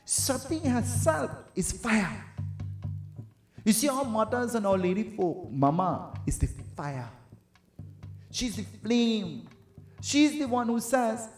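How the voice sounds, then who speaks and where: High-voiced man preaching in a roomy hall. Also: a little slow. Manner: animated, teasing, asks the audience "huh?". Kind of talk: storytelling sermon. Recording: roomy hall with faint tabla music.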